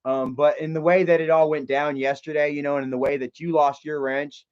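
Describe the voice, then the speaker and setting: A high-pitched man talks to his livestream chat, agitated and confrontational. He rambles with lots of fillers and restarts. The audio is dull and lo-fi. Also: level tone, fairly quick, clean tone.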